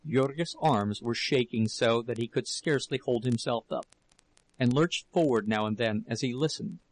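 A man narrating a novel as an audiobook in a measured, dramatic storytelling manner. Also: mid-range voice, poor audio.

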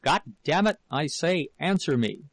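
A man playing a furious, violent husband who shouts demands and then gasps hoarsely. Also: on the high side, animated, unhurried, no echo, pitched above the performer's own voice. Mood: enraged shouting.

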